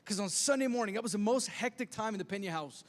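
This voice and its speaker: A man's voice: sits high, expressive, fast talker, in a large hall. A man preaching a sermon as pastor, telling self-deprecating stories with lots of stammered restarts. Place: church sanctuary.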